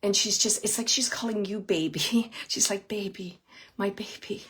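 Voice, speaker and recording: A woman working as a psychic medium, giving a live reading in a soft, hesitant way, with many pauses, and repeating words as she relays messages. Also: medium pitch, husky. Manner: repeats words and phrases for emphasis. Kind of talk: live spirit reading for an audience member.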